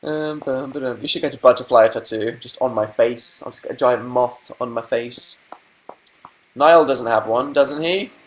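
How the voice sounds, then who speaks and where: A man's voice: medium pitch, moderate pace. A young British man chatting casually on a live stream, reading out viewer comments with dry, sarcastic asides. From Britain. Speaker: livestream host.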